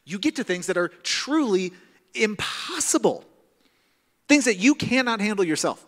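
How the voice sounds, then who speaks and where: A man in his thirties preaching a sermon in a church, telling self-deprecating stories in an animated way. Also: sits high, moderate pace, long reverb tail. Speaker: pastor. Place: church auditorium.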